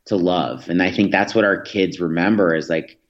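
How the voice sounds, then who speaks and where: A man's voice: low voice, normal speed. A man in his thirties, a guest telling earnest stories in an interview, with frequent restarts. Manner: earnest, anecdotal, with many restarts. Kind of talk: storytelling in a podcast interview. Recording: dull lo-fi audio.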